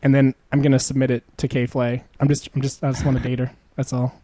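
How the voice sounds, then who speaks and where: A man's voice: mid-range voice, flat delivery, fast, warm tone, no room sound. A man co-hosting a podcast, chatting casually in a rambling, profane way and laughing often as he tells stories. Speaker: podcast co-host.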